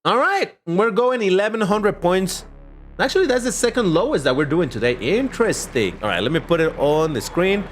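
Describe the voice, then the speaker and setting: A man's voice: high voice, very animated, moderate pace, slight background noise. A man hosting a casual gaming live stream, chatting in a rambling way and answering his viewers' chat aloud as he plays. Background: faint background music.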